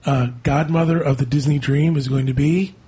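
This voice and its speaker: A man's voice: fairly high pitch, steady tone, moderate pace, dark tone, breathy edge. A man co-hosting a podcast, reading news and deals with dry wisecracks. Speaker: podcast co-host. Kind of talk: casual chat.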